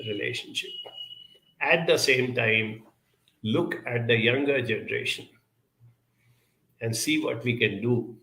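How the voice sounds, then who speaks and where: A man answers audience questions with earnest, measured advice, his voice gravelly yet bright. He pauses often, filling gaps with 'uh'. The sound rings with the echo of a roomy space. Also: medium pitch. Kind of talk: advice talk.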